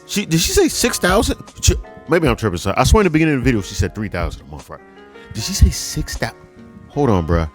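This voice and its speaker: Animated man hosting a reaction rant. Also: medium pitch, fast talker, soft background music. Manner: animated, slangy, laughing asides. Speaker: host. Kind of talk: reaction commentary.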